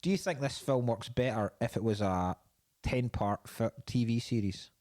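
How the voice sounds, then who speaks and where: A man's voice: mid-range voice, moderate pace, darkish tone. A man with a mid-range voice talks a film through with his co-host. He is enthusiastic and swears freely, often restarting his sentences before he finds the thought. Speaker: podcast co-host. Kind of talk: casual film chat.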